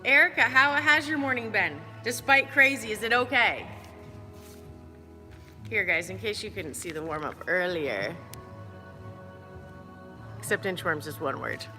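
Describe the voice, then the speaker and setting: A chatty young woman leads a live workout, greeting viewers one by one in a bright, forceful voice. Her voice rings through a big reverberant gym, with soft music playing underneath. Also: mid-range voice, animated, unhurried, pauses often. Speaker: fitness coach leading a live workout. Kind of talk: live-stream chat while coaching. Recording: roomy hall reverb. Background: faint background music.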